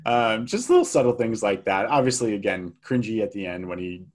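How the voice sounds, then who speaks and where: A man's voice: on the low side, animated, fairly quick. A man co-hosting a film review podcast, chatting casually and hesitantly, with lots of fillers and restarts. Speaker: podcast co-host.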